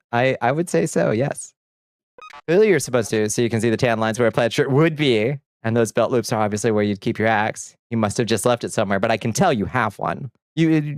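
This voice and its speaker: Man, livestream chat, reads comments aloud, blunt profane jokes, laughs a lot, average pitch, dry sound. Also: no room sound. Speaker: streamer.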